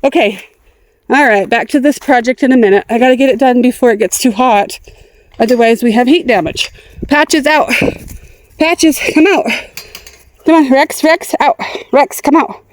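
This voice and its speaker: A woman's voice: sits high, moderate pace, pauses often. A middle-aged woman chatting casually as she walks through her garden, talking to her dogs and plants, her voice going in and out. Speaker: gardening vlogger. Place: outdoors in a backyard garden.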